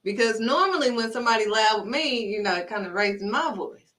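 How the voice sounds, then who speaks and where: In a direct-to-camera sermon, a female faith vlogger bluntly scolds and repeats herself for emphasis. Her voice is fairly high, expressive, brisk, and a bit bright, picked up somewhat distant from the mic.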